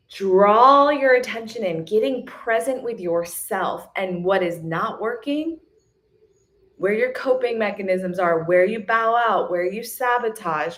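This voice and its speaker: A woman's voice: medium pitch, a bit bright. A woman hosting a live self-love retreat, giving an emphatic, casual motivational talk. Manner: emphatic, repetitive coaching; casual, chatty.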